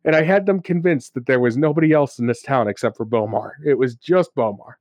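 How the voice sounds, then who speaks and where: On a podcast, a man who co-hosts and serves as game master tells stories from his tabletop games in casual chat. He is animated, laughs often, and slips into character voices, speaking fairly quickly with few pauses. His mid-range voice sounds dry, close, and a bit dull, with no echo.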